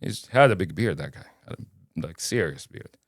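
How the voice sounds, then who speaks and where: In an interview, a Kuwaiti podcast guest who grew up speaking Arabic narrates his own story at normal speed in a low voice. Casual and animated, he acts out the dialogue along the way. The sound is clean studio audio with no echo.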